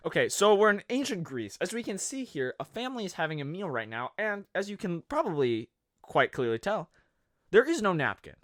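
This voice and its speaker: Man, comedic narration, sarcastic, rambling asides, animated swooping pitch, dry close sound. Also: fairly quick, no room sound. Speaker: video host.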